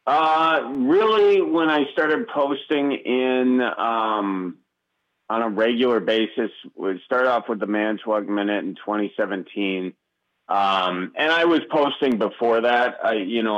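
A man's voice: on the low side, unhurried, a bit bright, highs cut off. A man with a Wisconsin accent, a comedian guest talking easily in a casual interview, with lots of fillers. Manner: easygoing, rambling, many fillers.

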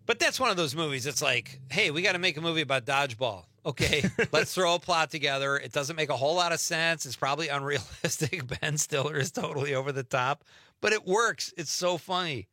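A man's voice: on the high side, bright, forceful tone, dry recording, clean studio sound. Chatty middle-aged male radio host. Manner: chatty, rambling, quick laughs. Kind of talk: casual radio banter. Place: radio studio.

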